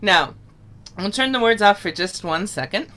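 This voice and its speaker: A woman leads an online singing lesson, explaining calmly and step by step. Her voice is bright and forward. Now and then she breaks into loud, open folk singing for the class to copy over the video call. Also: mid-range voice, normal speed. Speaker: singing teacher.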